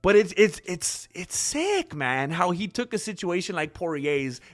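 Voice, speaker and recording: Guy ranting on his mma channel, high voice that swings all over, sarcastic. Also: unhurried. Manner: animated, sarcastic, acts out both sides of arguments. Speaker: MMA commentary channel host. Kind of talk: opinionated commentary vlog.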